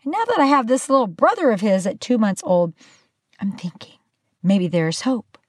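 An older woman hosting her own podcast, bubbly and animated with playful asides, talking casually to the listener. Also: mid-range voice, moderate pace, no echo, clean studio sound. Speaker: podcast host. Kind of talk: casual solo podcast talk.

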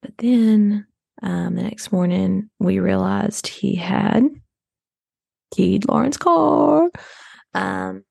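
An actress playing a self-absorbed rich suburban adoptive mom in an improvised comedy podcast, rambling and oversharing. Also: female voice, mid-range voice, very animated, very slow, creaky, pauses often, warm tone, no room sound, exaggerated voice. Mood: rambling, chatty.

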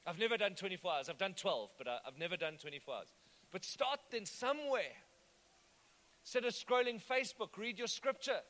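Bright high-voiced preacher. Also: male voice, expressive, brisk. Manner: conversational, asks the congregation questions. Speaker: pastor. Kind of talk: sermon.

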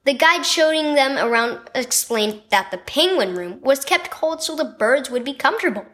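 A woman's voice: sits high, expressive, moderate pace, a bit bright. A woman reading a children's daily devotional story, telling it expressively. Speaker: devotional reader.

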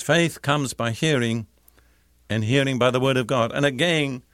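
A man preaching a sermon in a measured, deliberate way, slowing down to stress key phrases. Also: mid-range voice, fairly bright tone, dry recording, clean studio sound.

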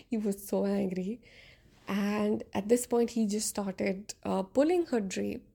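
A woman hosting a storytelling podcast, retelling an epic in a chatty, conversational way with frequent fillers. Her voice is warm and mellow with a gravelly edge. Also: medium pitch, unhurried. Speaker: podcast host. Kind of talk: casual storytelling.

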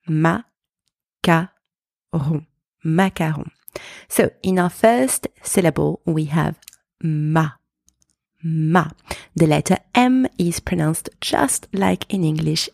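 A woman with a French accent hosting a podcast pronunciation lesson, slowly and carefully sounding out words. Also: fairly low pitch, vocal fry, warm tone, no echo, studio quality. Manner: slow, careful enunciation of example words.

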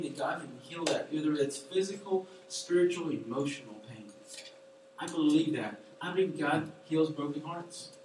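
High-voiced young preacher in echoey hall. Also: male voice, slight background noise. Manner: casual storytelling, emphatic and animated. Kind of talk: sermon. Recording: very echoey room, voice from far off.

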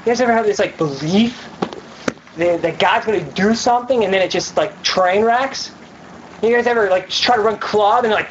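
A woman's voice: mid-range voice, expressive, moderate pace, lo-fi sound, a little hiss or hum. A woman giving a casual youth sermon, chatty and full of fillers, acting out scenes in voices. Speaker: youth speaker.

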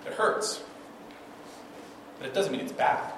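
A man gives a conversational sermon from the pulpit and keeps asking his listeners "right?". His voice is picked up from a distance, so it sounds far off. It rings through a very echoey hall over a clear layer of room noise. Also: unhurried. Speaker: pastor.

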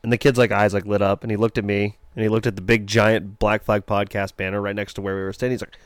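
A man's voice: fairly low pitch, level tone, quick pace, smooth, dry recording. A young man co-hosting a podcast, telling stories in a laid-back, self-mocking casual chat. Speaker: podcast co-host.

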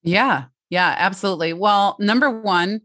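A woman's voice: mid-range voice, moderate pace, a bit bright, no echo, studio quality. A woman giving parenting advice in a casual, chatty way, full of fillers and asides.

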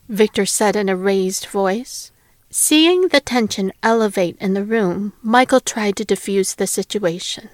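A woman narrating a storybook aloud in a gentle, measured way. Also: mid-range voice, no room sound, clean studio sound. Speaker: audiobook narrator.

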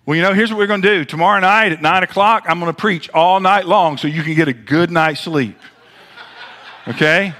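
Southern male pastor preaching, bright voice. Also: high voice. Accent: Southern American. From American South. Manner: preaching with dramatic pauses and wide swings in loudness. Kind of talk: sermon.

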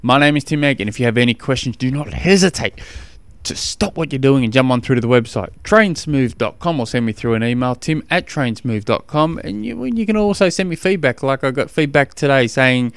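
Easygoing Australian man, smooth dry voice. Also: mid-range voice, lively intonation, fairly quick, no echo. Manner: easygoing and chatty, fond of slang. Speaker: podcast host and triathlon coach. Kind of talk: casual podcast monologue.

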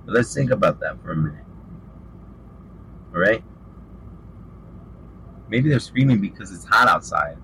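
A man's voice: lowish voice, expressive, unhurried, gravelly, long pauses, sharp tone, a little hiss or hum, poor audio. A man preaching an informal sermon, fervent and calling listeners out with rhetorical questions. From western United States.

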